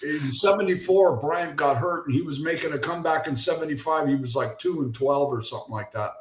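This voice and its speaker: An older man, a former pitcher, telling animated stories as a guest on a video call. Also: a little fast, reverberant. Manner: animated anecdotes, acts out quoted voices. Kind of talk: casual storytelling.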